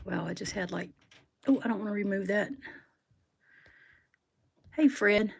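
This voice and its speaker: A woman's voice: medium pitch, a little slow, creaky, background noise. A woman hosting a casual live stream from her bedroom, chatting with viewers by name while a little sniffly from sneezing, recorded on a phone. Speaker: live-stream host unboxing rocks. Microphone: phone on a stand.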